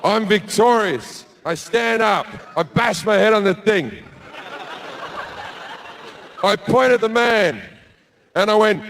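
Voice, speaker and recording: A man with an Australian accent doing stand-up, telling a brash, profane story and sometimes shouting. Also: very high-pitched, slow pace, vocal fry, noisy background. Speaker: stand-up comedian. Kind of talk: stand-up comedy. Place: comedy stage.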